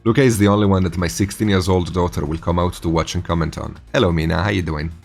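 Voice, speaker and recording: A man in his forties hosting a casual live stream, animated and teasing, laughing often. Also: deep voice, fast, gravelly, faint music behind. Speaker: streaming host.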